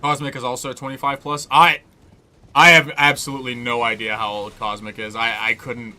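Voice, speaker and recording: A man's voice: mid-range voice, little pitch movement, moderate pace, sharp tone. A young man streaming a game, chatting casually in a loose, profane, rambling way and laughing often. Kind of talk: casual chat while gaming.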